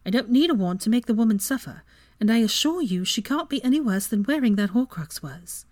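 Lady doing a clever young witch, wry and dry, voice pitched up, lively. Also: a little fast, no echo.

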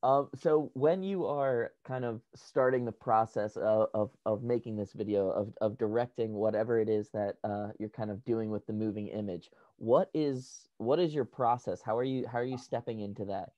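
Man, interviewer, halting questions, dry close sound, dull lo-fi. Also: fairly low pitch, warm tone, no room sound. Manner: hesitant, repeats words while asking. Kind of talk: casual interview conversation.

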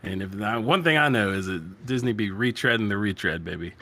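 A man's voice: fairly low pitch, lively intonation, a little fast, sharp tone. A man co-hosting a casual sports talk show, joking and riffing in long comic lists. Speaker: podcast co-host.

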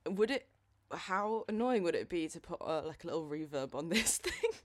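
A woman's voice: on the low side, lively intonation, normal speed. A young adult woman from England co-hosting a podcast in casual, rambling chat full of fillers. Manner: chatty, rambling with many fillers. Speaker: podcast co-host.

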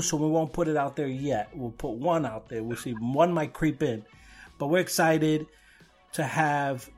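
Rambling Brooklyn podcast host. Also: male voice, on the high side. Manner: rambling, friendly, self-deprecating. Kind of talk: casual interview chat.

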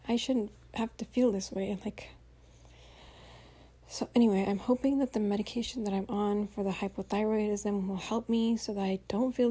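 A tired woman talks in a casual spoken-diary podcast, chatty and venting, full of fillers and the odd swear. Her voice is mellow and slightly husky, with a middling pitch. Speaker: podcast host. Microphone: home voice recording.

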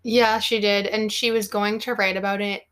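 A woman's voice: medium pitch, flat delivery, moderate pace, fairly bright tone. Young woman podcast host, chatty gossip storyteller, easygoing. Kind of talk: casual chat.

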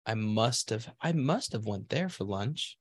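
A man's voice: fairly low pitch, animated, a little slow. A man co-hosting a casual podcast, telling a crude story at length, rambling and laughing as he goes. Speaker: podcast co-host.

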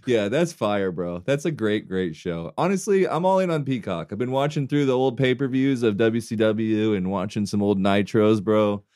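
A man co-hosting a podcast in relaxed, casual chat, often tacking "bro" onto his sentences and trailing off quietly. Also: on the low side, normal speed, hardly any pauses. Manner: laid-back, says "bro" a lot, drops to a mumble at times. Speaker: podcast co-host.

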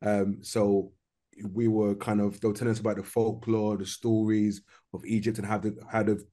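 Un homme d'âge moyen à l'londonien raconte une anecdote avec entrain, dans une discussion décontractée de podcast. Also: male voice, lowish voice, moderate pace. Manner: animated storytelling, lots of slang. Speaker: podcast co-host. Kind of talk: casual chat.

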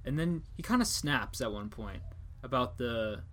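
A man's voice: mid-range voice, lively intonation, measured pace, a bit bright. A young man hosting a casual podcast chat, rambling and joking with casual swearing. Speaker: podcast host.

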